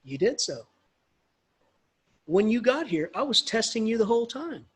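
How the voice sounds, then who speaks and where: A man's voice: sits high, very animated, moderate pace, husky, voice pushed up, exaggerated voice. A man voicing a knight who scolds and explains in a casual, chummy way. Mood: explaining. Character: gruff male knight, tester, scolding.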